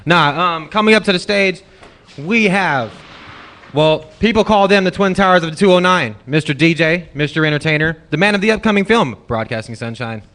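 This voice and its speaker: A man hosts a student show and announces the next act in a playful, hyped-up way. His voice runs fairly high. He sounds a little distant from the mic. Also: animated, a little fast, fairly bright tone. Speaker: show host introducing acts. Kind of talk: stage announcement.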